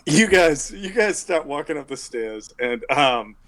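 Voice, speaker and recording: A man's voice: fairly high pitch, animated, unhurried, a bit bright. A man narrating as game master of a tabletop game, rambling with many filler words.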